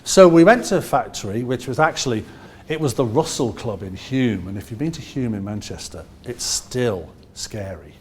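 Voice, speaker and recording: Animated Liverpudlian man in his sixties. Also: medium pitch, slightly rough. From Liverpool, England. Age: 60s. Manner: animated, acts out other people's voices, quick asides. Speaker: musician telling stories. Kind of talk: anecdotal storytelling.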